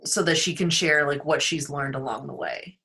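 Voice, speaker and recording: A woman's voice: sits low, normal speed, sharp tone. A woman in casual video call chat with her book club, rambling and searching for words.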